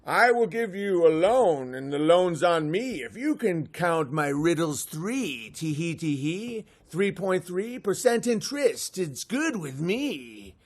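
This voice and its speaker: A man's voice: on the high side, sing-song, takes it slowly, few pauses, exaggerated voice. A man voicing an impish male leprechaun who speaks in sing-song rhymes and giggles. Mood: teasing. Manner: rhyming sing-song with giggling "tee hee".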